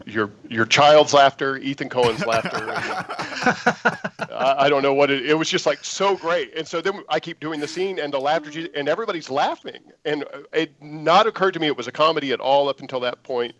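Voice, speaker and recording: A man, an actor guest, telling an animated audition story in an interview and acting out the lines he quotes. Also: a little high, a little fast, few pauses.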